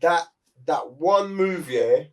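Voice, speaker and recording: Guy rambling on a review show, highish voice, sits a bit back from the mic. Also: animated, takes it slowly, recorded from a distance. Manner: rambling, slangy, restarts a lot. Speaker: podcast co-host. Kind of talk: casual review chat.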